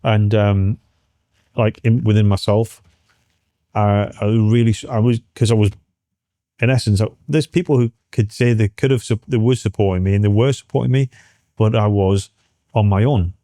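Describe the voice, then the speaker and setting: A middle-aged man from the UK, speaking earnestly and haltingly as an interview guest, with many restarts. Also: on the low side, fairly even intonation, warm tone, dry recording, studio quality. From United Kingdom. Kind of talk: candid personal interview.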